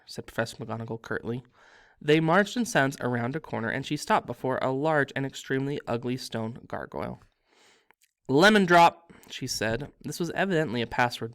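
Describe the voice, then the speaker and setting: Man reading a story aloud. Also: mid-range voice. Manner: relaxed, with casual asides. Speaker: reader.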